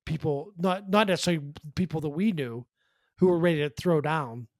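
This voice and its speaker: High-voiced man telling animated stories. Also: fairly quick, dry recording. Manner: animated storyteller, acts out quoted voices, many restarts. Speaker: podcast co-host, sportswriter. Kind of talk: casual storytelling chat.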